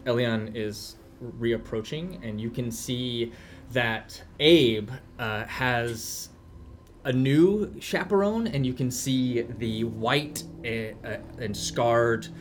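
A man narrating a tabletop game as game master, describing scenes in a halting, rambling way with many fillers. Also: medium pitch, slight background noise.

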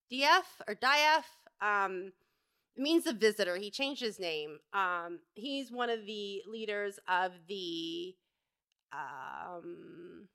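A woman's voice: medium pitch, pushed and bright, clear, resonant tone. A woman hosting her own podcast, delivering an angry, profane, rambling solo rant. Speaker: podcast host. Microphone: home podcast setup.

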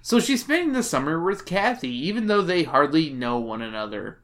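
A man's voice: a little high, expressive, fairly quick, fairly bright tone. A drunk man hosting a podcast, recapping a book with sarcastic, giggly asides. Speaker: podcast host.

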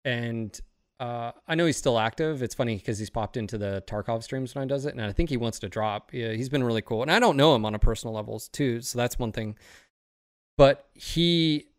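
A man's voice: medium pitch, a little fast, clear, resonant tone, dry recording, studio quality. A man talking in a casual podcast chat, rambling and profane, often getting fired up. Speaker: streamer and podcast host.

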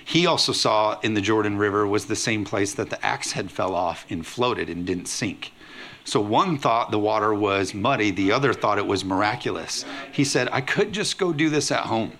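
A man pastor preaching a lively sermon, acting out quoted voices with humor. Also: lowish voice, moderate pace.

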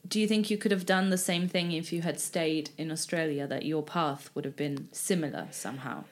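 A woman's voice: low-pitched, fairly even intonation, brisk. Woman interviewer asking questions. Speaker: interviewer, host.

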